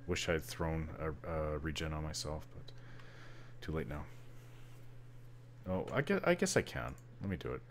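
A man's voice: rumbling low, very animated, normal speed, long pauses, slight background noise. A Canadian man from British Columbia casually narrating his online game session, rambling and joking at himself as he stumbles over words. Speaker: gamer. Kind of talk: casual gameplay commentary.

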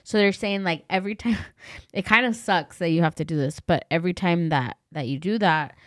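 A woman's voice: fairly low pitch, fairly quick, fairly bright tone, dry recording, clean studio sound. A woman co-hosting a podcast, telling a story in casual chat with many fillers and quoted voices. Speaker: podcast co-host.

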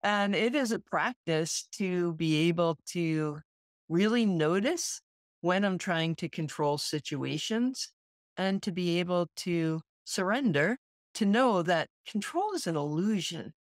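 A woman co-host muses earnestly on a podcast, thinking aloud in an unhurried way. Her voice sits a little low. The sound is close and dry. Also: animated, dry recording. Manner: reflective and earnest, with soft laughs. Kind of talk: casual chat.

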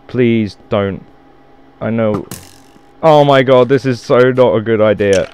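A man's voice: mid-range voice, slow, a little mellow, a little hiss or hum. A man giving rambling let's play commentary, swearing and mocking himself as he plays at home. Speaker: gamer.

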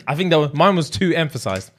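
Laughing guy, lively pitch. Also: fairly quick. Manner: laughing, encouraging banter. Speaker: podcast co-host. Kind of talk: casual chat.

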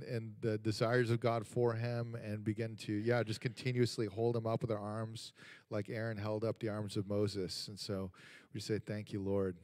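A man's voice: lowish voice, a little mellow, studio quality. Man leading prayer in a reverberant church. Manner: halting, many fillers, earnest prayer. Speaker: pastor introducing the guest. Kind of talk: introduction and spoken prayer. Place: church sanctuary. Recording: long church hall reverb.

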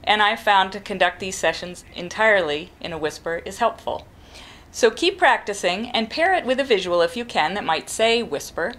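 Calm woman giving practical parenting tips. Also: medium pitch, moderate pace. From New England. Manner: calm, practical, demonstrates whispering. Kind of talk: instructional talk to camera.

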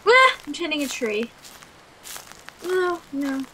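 A young adult woman with a high, bright voice does horror game commentary as a let's play gamer. She's jumpy and nervous, talking to herself at a slow pace and shrieking at the scares. The audio is poor, with slight background noise.

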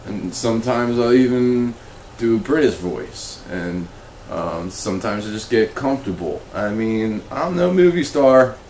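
Slow-talking, awkward man in an echoey room. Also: a little mellow, a little hiss or hum. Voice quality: slow, awkward, rambling delivery that becomes emotional and high-pitched. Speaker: comedy web show host. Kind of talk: deadpan comedic monologue.

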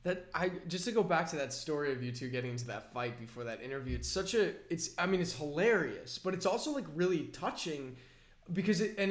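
Thoughtful male host, slightly high voice. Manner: thoughtful, rambling with many restarts. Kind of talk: conversational interview. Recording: roomy echo.

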